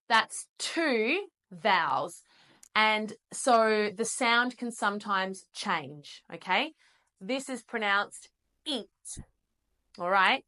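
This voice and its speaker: An Australian woman leads a beginner English lesson, sounding out vowels and words one at a time. Her delivery is very unhurried and her tone is bright and crisp. She keeps encouraging her learners as they go. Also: medium pitch. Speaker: English teacher. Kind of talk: slow, clearly enunciated English lesson.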